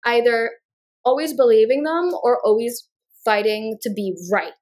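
A woman's voice, on the high side and slightly mellow, carries a quick, casual reality-show recap on the podcast she co-hosts. Along the way she acts out things the cast members said.

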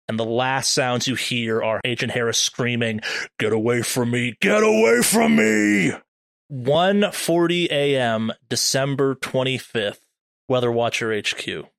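A man running a tabletop horror game as game master, narrating in a measured way with slow dramatic beats. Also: medium pitch, a bit bright, dry recording.

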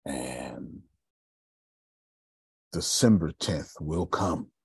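A man's voice: a bass voice, expressive, extremely slow, creaky, a little mellow, slightly rough, dry recording. A man from Texas leading a group call, telling stories and preaching motivation with strong emphasis. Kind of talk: motivational talk.

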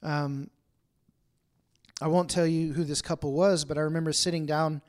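Brief: male pastor, light higher voice, casual sermon to a congregation, acts out everyday exchanges. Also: steady tone, moderate pace, a little mellow. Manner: chatty, acts out everyday dialogue in asides. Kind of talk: conversational sermon. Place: room with a congregation.

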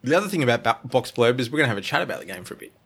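A man's voice: medium pitch, very animated, rapid-fire, gravelly, a bit bright, breathy edge. Male host, casual podcast game, playful teaser with a ready laugh. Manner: playful, teasing, laughs often.

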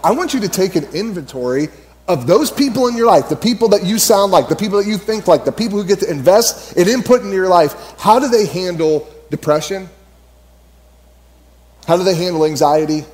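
A man's voice: a little high, darkish tone. A man in his thirties preaching a conversational sermon as pastor, telling stories and repeating key phrases for emphasis.

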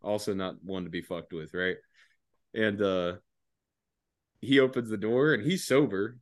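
Young man, lowish voice, laid-back profane storyteller on a podcast. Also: unhurried, no echo. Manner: laid-back, laughing often, heavy swearing. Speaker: podcast guest, former enlisted soldier.

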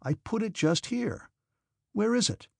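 A man's voice: sits high, animated, measured pace, creaky, breathy edge, no room sound, clean studio sound, pitched above the performer's own voice, full character voice. A man voicing Rostov, a strained young cadet. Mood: puzzled. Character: young cadet, proud and anxious.

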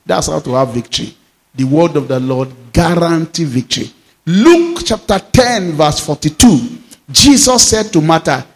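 High-voiced pastor preaching. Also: male voice, lively intonation. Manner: preaching with slow, drawn-out emphasis on scripture. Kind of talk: sermon.

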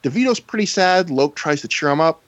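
A man's voice: a little high, animated, brisk, dry recording. A man hosting a podcast, casually recapping a wrestling show with dry, wry humor. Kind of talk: casual chat, recapping events.

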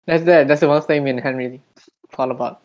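A man's voice: on the high side, steady tone, fairly quick. Easygoing man on dull call audio. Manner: easygoing, laughs along. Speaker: podcast host. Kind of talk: casual chat.

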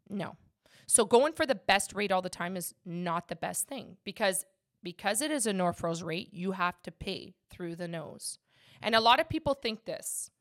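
A woman's voice: mid-range voice, fairly bright tone. A woman who works as a mortgage agent and hosts a podcast, talking casually and emphatically about her work.

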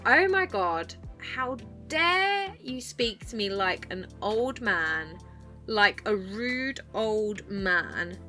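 A woman's voice: mid-range voice, animated, very slow, bright, forceful tone, soft background music, full character voice. A woman quoting an entitled, indignant young male customer in a petulant, demanding voice.

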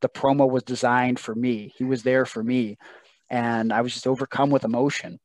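A man's voice: medium pitch, fairly even intonation, normal speed, darkish tone, dry recording. A man in his thirties, a wrestler as podcast guest, telling a personal story in an earnest, emotional way, acting out what others said. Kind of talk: casual storytelling interview.

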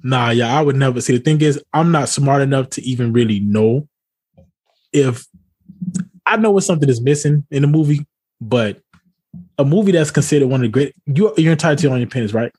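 A man co-hosting a casual chat about movies, talking in loose, animated banter. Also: medium pitch, brisk, slightly rough, no echo. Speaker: podcast co-host.

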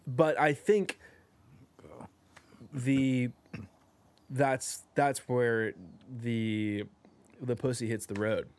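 A man's voice: mid-range voice, fairly even intonation, very slow, pauses often, darkish tone. A young man co-hosting a podcast in a casual chat, rambling and jokey with lots of swearing. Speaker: podcast co-host.

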